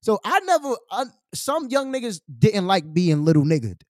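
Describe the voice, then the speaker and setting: A man's voice: sits high, very animated, moderate pace, darkish tone, no room sound, clean studio sound. A young man with a New York accent, telling a story in casual podcast chat, slangy and profane, acting out quotes. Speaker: podcast host.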